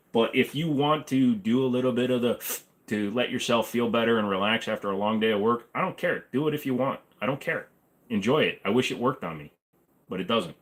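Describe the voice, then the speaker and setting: A man in his forties hosts a casual livestream Q&A from the bedroom-living room of his apartment. His mid-range voice is a bit bright, and he rambles along in an offhand, joking way.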